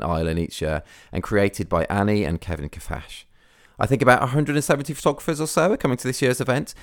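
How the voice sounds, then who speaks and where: A man hosting a podcast, chatting casually and enthusiastically with his guest. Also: on the low side. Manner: enthusiastic, effusive. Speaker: podcast host. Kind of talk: casual interview chat.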